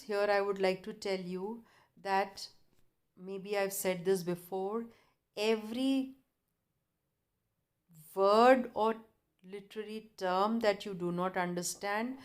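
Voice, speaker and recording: A woman college lecturer with a medium-pitched voice reads her lecture notes aloud to students. She is measured and deliberate, correcting herself now and then.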